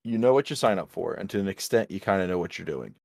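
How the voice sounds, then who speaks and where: Speaking into a podcast mic, this male co-host has a deep, slightly mellow voice with vocal fry, and he talks quickly and animatedly. The drinking-chat conversation is earnest but full of ums and false starts. The recording is clean studio sound without echo.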